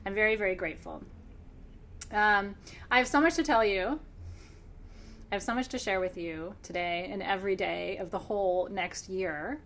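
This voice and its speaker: Woman, mid-pitched, hosting a live spiritual class: excited and emotional, laughing, with slow reflective pauses and faint background hiss. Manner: emotional and excited, laughs often, clears her throat. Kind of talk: live-streamed class, warm conversational teaching.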